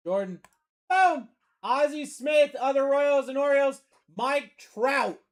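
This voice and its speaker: A man from Maine with a Maine accent hosts a live card-breaking stream, calling pulls with energetic, slangy banter and shouting over big hits. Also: very high-pitched, takes it slowly. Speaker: card-breaking livestream host. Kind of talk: excited live sales commentary.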